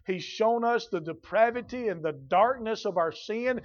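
A man preaching in a high voice alternates between soft, measured teaching and slow, shouted, drawn-out outbursts. The sermon's audio comes across dull and muffled.

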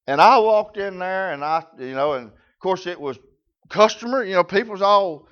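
High-voiced preacher, lo-fi sound. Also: male voice, expressive, normal speed, fairly bright tone. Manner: folksy storytelling with rural grammar. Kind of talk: sermon.

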